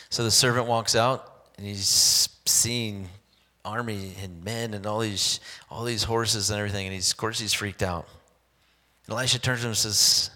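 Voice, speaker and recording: A man preaching a sermon, telling a Bible story in an animated way and acting out the characters' lines. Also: mid-range voice, moderate pace. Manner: animated storytelling with acted-out quotes. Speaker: pastor. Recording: long hall reverb.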